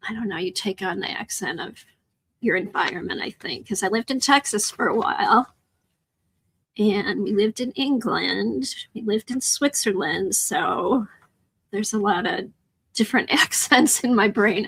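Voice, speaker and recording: A woman's voice: mid-range voice, fairly bright tone, slightly rough, no room sound, poor audio. A middle-aged woman from Chicago with a Midwestern accent, chatting casually with her viewers during a live art stream and answering their comments. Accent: American Midwest. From Chicago, USA. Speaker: livestream art host. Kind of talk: casual chat while crafting.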